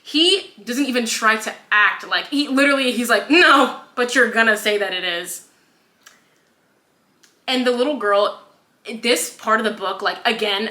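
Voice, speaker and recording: A woman chats casually on a podcast, retelling scenes and slipping into the characters' voices, with plenty of "like" and "um". Her voice is bright and lively, recorded in an echoey room. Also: on the high side. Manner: swears casually, fillers like "um" and "like". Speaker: podcast co-host. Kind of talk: casual book review chat.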